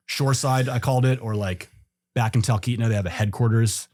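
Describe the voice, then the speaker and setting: A man's voice: medium pitch, brisk, dry recording, clean studio sound. A man telling a mountain story in a casual interview, acting out what others said. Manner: animated storyteller acting out quotes. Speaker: guest climber.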